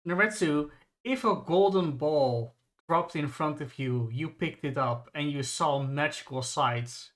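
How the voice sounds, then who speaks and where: A co-host recapping an anime plot in a casual stream discussion, with drawn-out phrasing. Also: mid-range voice.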